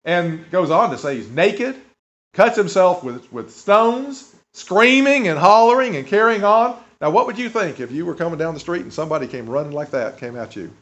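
A man's voice: fairly high pitch, sing-song, normal speed. A man preaching a sermon in a conversational way, asking the listeners rhetorical questions. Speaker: pastor. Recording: dull lo-fi recording.

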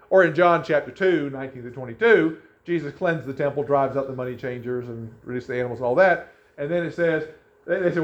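A man's voice: medium pitch, a little fast. A man preaching a sermon in a conversational way, often restarting his sentences. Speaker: pastor. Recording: echoey room, dull lo-fi sound.

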